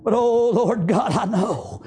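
A man's voice: high voice, slow pace, warm tone, voice pushed up. A man voicing a desperate old male leper inside his sermon, begging and crying out "Lord" again and again. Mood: pleading. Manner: begging, repeating "Lord" and "I'm unclean".

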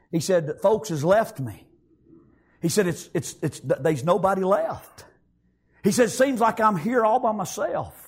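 High-pitched preacher, shouting and hushed. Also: male voice, breathy edge. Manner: swings from shouted high peaks to low quiet passages, frequent "amen". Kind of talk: sermon.

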